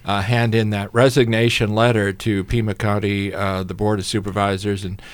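A man's voice: lowish voice, little pitch movement, normal speed, smooth, no echo. A man hosting a radio talk show, wrapping up an interview and going to break. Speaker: radio host.

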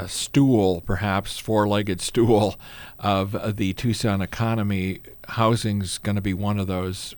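A man with a somewhat low voice hosts a radio interview. He asks conversational, leading questions and sometimes pauses to find his words.

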